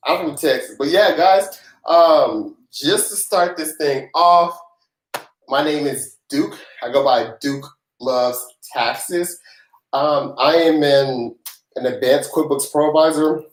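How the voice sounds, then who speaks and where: A man's voice: fairly high pitch, takes it slowly. A man who grew up in the South, hosting a casual live-stream Q&A as a tax professional, chatty and joking with loose laughter. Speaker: tax professional livestream host. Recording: roomy echo.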